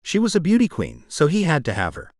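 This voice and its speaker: A man's voice: fairly high pitch, wildly swooping pitch, quick pace, dry recording, clean studio sound, voice pushed up. A man voicing a guarded, grieving young male heir who speaks in terse, formal phrases in an audiobook. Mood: subdued. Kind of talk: audiobook character voice.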